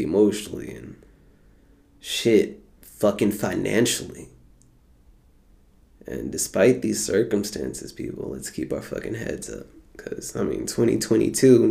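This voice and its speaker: This young podcast host from the United States rambles casually and easily, cracking jokes and cursing freely. He speaks in a lowish, mellow voice with vocal fry, animated yet unhurried.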